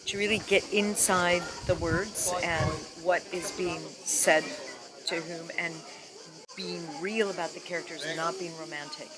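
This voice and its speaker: A woman's voice: lowish voice, steady tone, heavy background noise. A woman giving a thoughtful, searching interview answer. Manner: slow, searching. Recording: loud music underneath.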